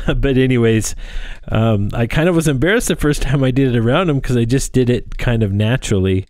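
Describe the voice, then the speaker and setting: Talking casually through a drone frame build, this man in his thirties rambles, restarting often and filling pauses. His mid-range voice is expressive and slightly mellow, moving at an ordinary pace. Recorded on a close front microphone, the audio is clean studio quality without any room sound.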